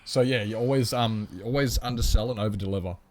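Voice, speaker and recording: A man with a somewhat low voice rambles through a relaxed livestream chat. He explains his thinking at length and answers viewers' comments as they come in. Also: fast talker.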